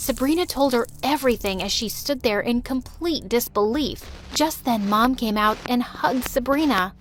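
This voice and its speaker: Young female storyteller, high voice, dramatic expressive narration. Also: moderate pace, hardly any pauses, faint music behind. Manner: dramatic, expressive first-person telling. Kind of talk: first-person storytime narration.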